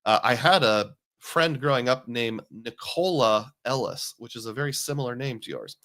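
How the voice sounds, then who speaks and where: A man's voice: mid-range voice, lively intonation, normal speed, sharp tone. A man hosting a casual livestream, talking in a chatty, jokey, self-deprecating way and reading out viewer comments. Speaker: host.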